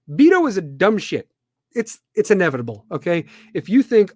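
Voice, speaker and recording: A man's voice: sits high, huge pitch swings, normal speed, darkish tone, no room sound, studio quality. A man from the Midwestern US hosting a live podcast, ranting bluntly and with plenty of profanity. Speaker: podcast host.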